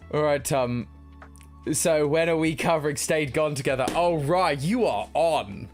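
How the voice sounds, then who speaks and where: A young British man hosting a relaxed live stream, talking casually, reading viewers' messages aloud and laughing often. Faint music plays behind him. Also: on the high side. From United Kingdom. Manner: chatty, laughs often, reads chat aloud. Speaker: streamer host.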